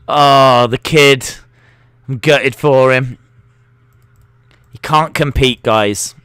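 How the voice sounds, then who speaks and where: A man's voice: mid-range voice, extremely slow, pauses often, fairly bright tone, smooth, dry recording. A man hosting a live wrestling watch-along, chatty and jokey, reacting aloud as he goes. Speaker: live stream host.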